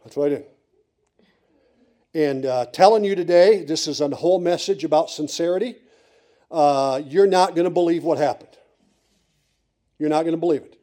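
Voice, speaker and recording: A middle-aged preacher from Pennsylvania with a high, mellow voice for a man. He delivers a sermon through a comic personal story. He builds suspense by teasing the congregation over and over. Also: moderate pace. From Pennsylvania, USA.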